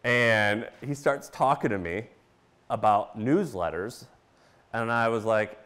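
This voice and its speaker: A man from Missouri giving a casual conference talk, animated and full of fillers, acting out his own reactions as he tells stories. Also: fairly low pitch, takes it slowly. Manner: animated, storytelling with quoted reactions and filler words. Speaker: conference speaker.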